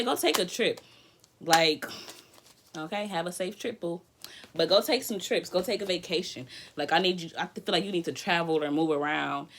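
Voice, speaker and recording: A woman doing a livestreamed tarot reading. She talks in a hyper, playful, slangy way, swears casually and thinks out loud as she reads the cards. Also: on the low side. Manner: slangy, drifting, thinks aloud. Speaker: tarot reader.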